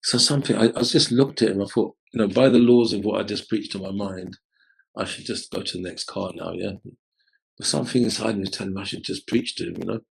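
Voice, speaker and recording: A man's voice: on the low side, fast, creaky, husky, rough recording. A man, a Hare Krishna book distributor from the UK, telling a story casually, rambling with many "you know"s.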